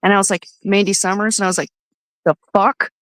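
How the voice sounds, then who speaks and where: A woman's voice: medium pitch, flat delivery, very fast. A woman on a casual livestream, telling a story hot-headed and profane, swearing freely. Her voice sits mid-range for a woman. The sound is dry and close, with almost no room echo. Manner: heated, swears constantly. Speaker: guest on a comics stream.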